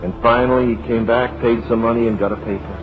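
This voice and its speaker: Guy preaching a story, gets real quiet and slow, muffled old tape w/ music under it. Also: medium pitch, steady tone. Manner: dramatic, slows and drops to a hush. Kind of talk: sermon storytelling. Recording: dull lo-fi recording with music.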